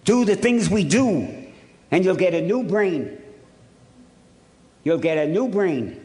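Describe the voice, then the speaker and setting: In a hotel conference hall, a man from Ohio tells a hall audience the story of his recovery, punchy and wry, repeating himself often. His voice is high, very animated and slow, with a slightly mellow quality.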